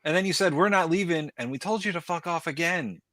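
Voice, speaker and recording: A man's voice: on the high side, a little fast, a bit bright, no echo. A man speaking as a podcast guest, blunt and profane. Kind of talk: casual podcast chat.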